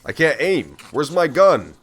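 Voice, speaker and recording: A man's voice: a little high, very animated, unhurried, a bit bright, slightly rough, faint music behind. A man giving casual gameplay commentary on a stream, joking and swearing as he reacts aloud to the game. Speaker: let's play streamer.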